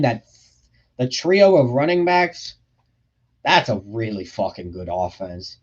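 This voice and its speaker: A man's voice: on the low side, big pitch swings, moderate pace, slightly rough, lo-fi sound. Young man ranting casually on a livestream. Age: young adult. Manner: casual and profane, reads out chat questions. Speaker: livestream host. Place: his bedroom.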